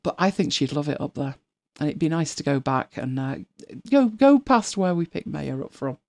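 Low-pitched and expressive, this gravelly, slightly mellow woman's voice moves at a moderate pace. In her fifties, she co-hosts a podcast with loose, rambling chat, laughing a lot and sometimes dropping to a whisper.

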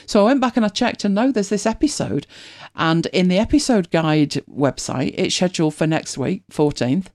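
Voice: medium pitch, lively intonation, normal speed, few pauses, darkish tone. A host with a British accent, chatting casually and rambling with many restarts. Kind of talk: casual chat.

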